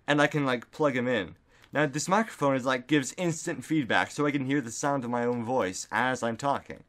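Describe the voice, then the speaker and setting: A man talking straight into a desktop microphone at home, his voice sitting in an everyday middle register. He rambles in a goofy, meandering way, piling up fillers and breaking into silly shouts. It sounds like a loose, casual solo vlog. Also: mid-range voice, normal speed. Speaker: vlogger. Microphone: desktop studio microphone.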